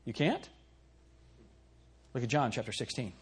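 A man preaching a sermon with earnest emphasis. He reads scripture emphatically and drops low for asides. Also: big pitch swings, measured pace, breathy edge. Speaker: pastor.

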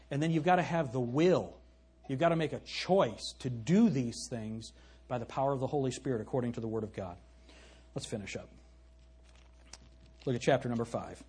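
A man's voice: on the high side, darkish tone, breathy edge. A male pastor preaching an emphatic sermon, asking his congregation questions and reading scripture aloud.

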